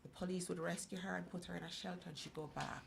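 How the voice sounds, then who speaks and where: A middle-aged woman, appearing as a guest speaker on a talk program, gives an emphatic personal testimony, acting out other people's voices as she tells her story. Her voice sits on the low side with a steady tone and a creaky edge, and she talks fast. There is background noise.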